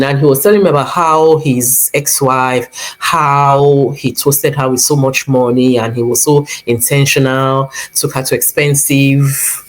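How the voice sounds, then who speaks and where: A woman's voice: very deep voice, darkish tone, rough recording. A woman with a Nigerian accent telling a personal story on her vlog in an earnest way, acting out the lines people said to her. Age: adult, previously married with a son. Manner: earnest, retelling events with quoted dialogue. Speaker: vlog host.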